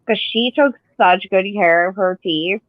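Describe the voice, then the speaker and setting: A woman's voice: medium pitch, unhurried, no room sound. Woman, rambling casual storyteller, dry close sound, slightly muffled. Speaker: podcast co-host. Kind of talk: casual chat.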